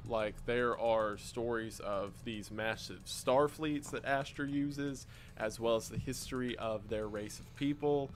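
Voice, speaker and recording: A man's voice: medium pitch, measured pace, slight background noise. A man narrating an explainer video in a scripted, explanatory way with dry, wry asides.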